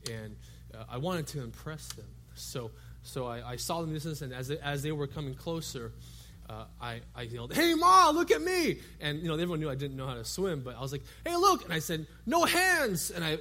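A youth and young adult pastor with a medium-pitched voice preaches a sermon in church, telling stories in a loose, conversational way peppered with filler words.

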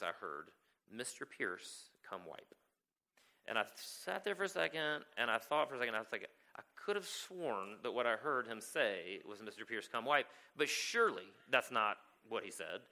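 A man's voice: on the low side, lively intonation, quick pace, bright, forceful tone. A man preaching a sermon as a pastor, telling a story and often checking in with "right?". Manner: storytelling, keeps asking "right?".

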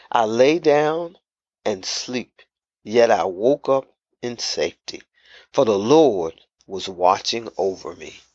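Slow-speaking man preaching a devotional. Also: medium pitch, dry recording, highs cut off. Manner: slow, emphatic, repeating phrases. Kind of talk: devotional sermon.

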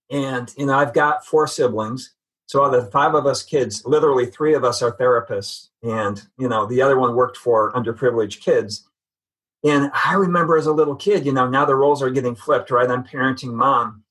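A man's voice: mid-range voice, a bit bright, breathy edge, poor audio. A man giving an earnest, reflective personal testimony as a guest in a conversation. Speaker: podcast guest.

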